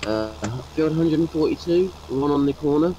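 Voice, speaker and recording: A man's voice: a little high, lively intonation, brisk, warm tone, dull audio, a little hiss or hum. A man chatting casually over voice chat, explaining things to his friends. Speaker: gamer on voice chat.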